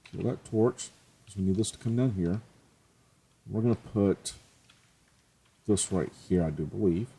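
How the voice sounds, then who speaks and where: Husky low-voiced man narrating gameplay. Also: measured pace, pauses often, mellow. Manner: chatty, joking, self-mocking. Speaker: let's play host. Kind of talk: casual gameplay commentary.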